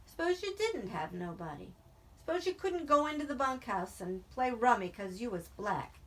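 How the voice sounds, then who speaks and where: A lonely, bitter older ranch hand, as a woman reads him in a storybook audiobook. He talks in a loud, raised, earnest rural drawl, pressing his questions hard. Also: a little high, very animated, normal speed, voice pushed up. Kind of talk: audiobook reading.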